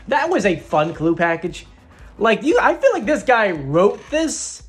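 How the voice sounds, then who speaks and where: A man hosting a casual video, chatting excitedly and a little boastfully to his viewers. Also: high-pitched, a little slow, slightly rough. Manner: excitable and animated, playfully boastful. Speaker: video host breaking down a TV singing show. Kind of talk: casual chatty commentary to camera.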